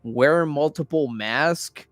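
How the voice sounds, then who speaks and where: A young man in casual chat, rambling and swearing a lot while retelling a story with animated energy. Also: on the high side, takes it slowly, no room sound, faint music behind. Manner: acts out quoted characters in raised voices. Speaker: podcast host.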